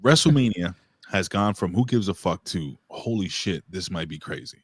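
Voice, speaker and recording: A man's voice: sits low, normal speed, breathy edge, no echo. A man hosting a casual wrestling review show, joking and slipping into announcer-style hype. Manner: animated, announcer-style shouting bits. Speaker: show host.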